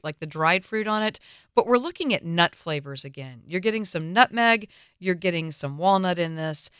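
A woman's voice: on the low side, fairly bright tone, clear, resonant tone, no room sound, studio quality. A woman with a Southern US accent hosting a radio wine show, talking in a chatty, opinionated way with playful asides.

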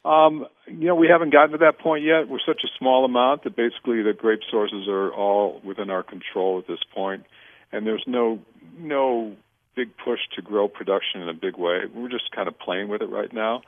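Over tinny phone-line radio audio, a middle-aged winery owner guests on an interview, his fairly low voice moving at normal speed with no echo. Relaxed and animated, he tells lively stories, acting out other people's lines in dialogue, full of fillers and restarts.

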